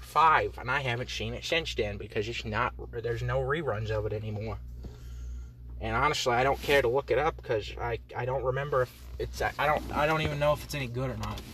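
A young man hosting a podcast, rambling through profane, absurd comic tangents in a deadpan way, talking from inside a parked truck. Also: medium pitch, a little hiss or hum. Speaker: podcast host. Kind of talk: rambling comedic monologue.

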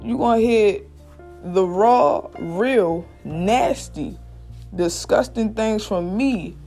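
A podcast host giving blunt, profane motivational straight talk, recorded alone at a quiet workplace late at night. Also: mid-range voice, slow, soft background music. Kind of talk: motivational casual monologue. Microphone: single mic.

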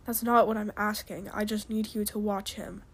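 A woman voicing a stern male father dragon, low and half-whispered, firm and commanding. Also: flat delivery, moderate pace, slightly rough.

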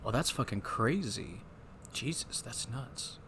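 A man co-hosting a casual movie podcast, retelling scenes in a loose, profane, animated way. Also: medium pitch, slow, a little hiss or hum. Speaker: podcast co-host.

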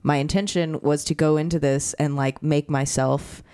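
A woman's voice: sits low, steady tone, moderate pace, darkish tone, clear, resonant tone, dry recording, studio quality. A young woman co-hosting a podcast in casual chat, rambling and filling her talk with "like". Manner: rambling, fills with "like". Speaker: podcast co-host.

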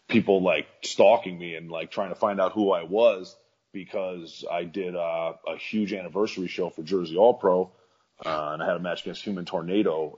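A man with a very low, husky voice chats casually as an interview guest. He rambles along in a laid-back way, full of fillers and restarts. The audio comes through slightly muffled and lo-fi. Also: darkish tone. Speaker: professional wrestler guest.

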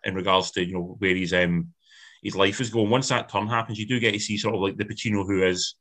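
A man's voice: on the low side, steady tone, quick pace, a bit bright. A man in a casual film review chat, giving blunt opinions in rambling sentences that often restart. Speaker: film podcast co-host.

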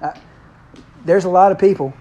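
A man's voice: high-pitched, warm tone. A man preaching a casual, conversational sermon, playfully acting out the characters' lines. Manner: playful, acts out characters' lines in quick voices.

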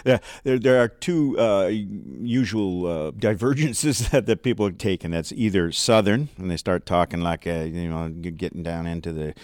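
A man's voice: sits low, normal speed, few pauses, smooth, no echo, studio quality. A man working as a dialect coach, explaining his craft in an interview with frequent fillers. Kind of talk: interview answers. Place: seminar room.

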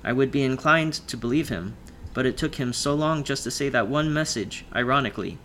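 Male audiobook narrator, measured. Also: medium pitch, sharp tone, a little hiss or hum. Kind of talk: first-person audiobook narration.

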